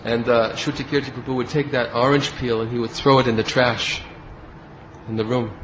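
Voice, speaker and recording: A man's voice: medium pitch, level tone, brisk, fairly bright tone, a little hiss or hum. Man telling a devotional story, lo-fi. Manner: storytelling, acts out quoted speech. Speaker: spiritual teacher giving a class.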